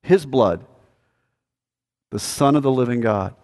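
A male pastor preaching a sermon, emphatic and repetitive, swinging from loud declarations to a hushed, earnest plea. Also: mid-range voice, slow pace.

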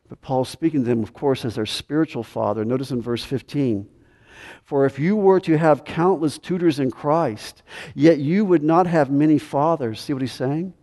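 A man preaching an expository sermon, teaching in a measured way and rising in emphasis at key points. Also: fairly high pitch, darkish tone. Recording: long hall reverb.

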